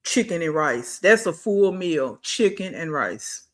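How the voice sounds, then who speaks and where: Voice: mid-range voice, sing-song, unhurried. Blunt scolding reaction host. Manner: blunt, scolding, talks back at the clip. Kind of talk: reaction commentary.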